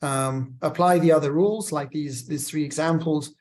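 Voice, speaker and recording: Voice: mid-range voice, fairly even intonation, moderate pace, a little mellow. A lecturer teaching legal writing, reading example sentences aloud and naming each punctuation mark, with chatty asides to students. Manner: explains step by step, reads examples aloud with punctuation.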